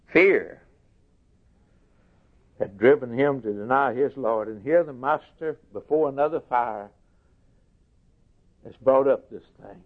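A man preaching a sermon slowly and emphatically, lifting his voice for quoted scripture. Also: medium pitch. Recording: tinny phone-like recording.

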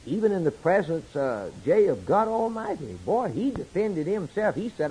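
A man preaching a sermon, swinging from loud emphatic declarations to quiet asides. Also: sits high, very animated, normal speed, few pauses, slight background noise, poor audio.

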